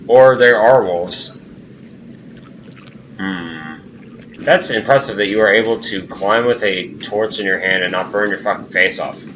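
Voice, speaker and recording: A man commentating his own gameplay, swearing and reacting loudly. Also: on the low side, a little slow, pauses often, a little hiss or hum, low-quality recording. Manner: profane, excitable, reacts loudly. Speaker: gamer. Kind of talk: let's play commentary. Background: game sounds.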